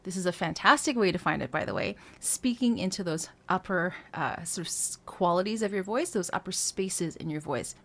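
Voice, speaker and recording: A woman's voice: fairly low pitch, expressive, moderate pace, hardly any pauses. Woman vocal coach explaining singing technique. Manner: talks through points with frequent "um" and checks of "right?".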